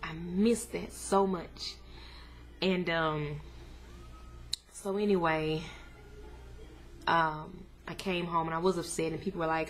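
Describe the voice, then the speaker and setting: A young woman candidly telling her viewers a painful personal story, earnest and plain-spoken, her voice climbing high when she recalls her anger. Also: unhurried, long pauses, a little hiss or hum. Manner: casual, addresses viewers as y'all. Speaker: vlogger sharing a family update. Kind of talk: emotional personal storytelling to camera.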